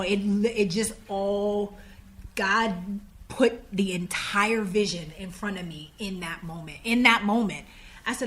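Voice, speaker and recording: Animated woman telling a story. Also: medium pitch, slow. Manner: animated, acts out quoted dialogue. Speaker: podcast guest. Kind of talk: casual storytelling.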